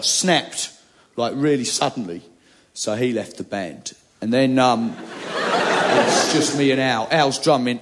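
A man doing a stand-up monologue in a blustering, deadpan rant. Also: mid-range voice. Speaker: stand-up comedian.

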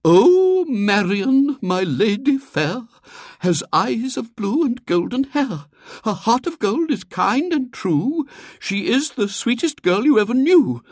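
A narrator voicing a pompous middle-aged spinster psychic who declaims in a quavering, theatrical way. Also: female voice, a little high, very animated, slow, a little mellow, dry recording, clean studio sound, pitched above the performer's own voice, exaggerated voice. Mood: excited. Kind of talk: audiobook character voice.

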